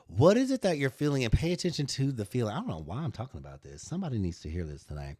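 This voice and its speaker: A man's voice: rapid-fire, no room sound. A man hosting a live design tutorial stream. He chats with viewers in playful, sassy banter and calls them honey and girl. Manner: lively, swoops high when joking.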